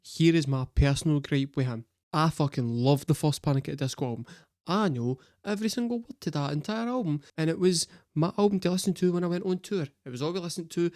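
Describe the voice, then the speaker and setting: A woman's voice: deep voice, fast, hardly any pauses, a little mellow, no echo, studio quality. Swearing, laughing woman reacting on camera. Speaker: reaction video host. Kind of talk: casual reaction commentary.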